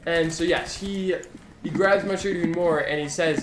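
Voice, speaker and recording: A man's voice: fairly high pitch, normal speed. A young man telling a story in a casual, rambling vlog, swearing often and restarting his sentences. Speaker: YouTuber. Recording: roomy echo, faint background hum.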